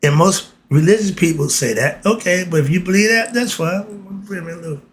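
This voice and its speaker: A man's voice: high voice, a little fast, slight background noise. A man giving a casual spiritual talk, asking himself rhetorical questions and answering them. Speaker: spiritual teacher.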